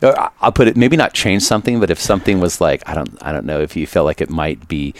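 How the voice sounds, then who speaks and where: A man's voice: low-pitched, quick pace, a little hiss or hum. A man hosting a casual interview, chatty, laughing often and restarting his sentences. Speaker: priest and podcast host.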